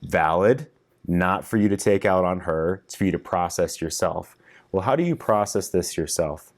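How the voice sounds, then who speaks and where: A man's voice: sits low, moderate pace. A middle-aged man coaching husbands in a frank, casual video lesson, swearing freely as he explains. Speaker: relationship coach.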